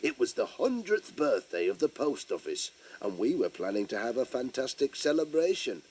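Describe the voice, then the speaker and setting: With a natural, darkish mid-range voice and big pitch swings, a man narrates a children's audio story at a moderate pace as a friendly, cheerful village postman. A little hiss or hum sits under the recording, and he chats chirpily straight to young listeners.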